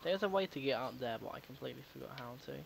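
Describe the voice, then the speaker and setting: A man's voice: medium pitch, lively intonation, racing, gravelly, slight background noise, low-quality recording. A man giving casual, jokey commentary while playing a video game at home, talking back to the characters and swearing now and then. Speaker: gaming video host. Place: home recording setup.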